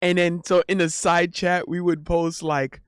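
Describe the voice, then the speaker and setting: A man's voice: sits high, little pitch movement, a little slow, clear, resonant tone, no echo, clean studio sound. A young man telling a rambling, casual story as a streamer, with lots of restarts and laughter.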